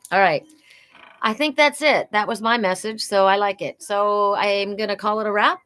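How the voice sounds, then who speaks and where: A woman giving a casual, emotional oracle card reading on a livestream, talking warmly about fairies and her own message. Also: mid-range voice, steady tone, moderate pace, clean tone, no echo. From Welsh heritage. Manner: chatty, emotional, spiritual, prone to laughing.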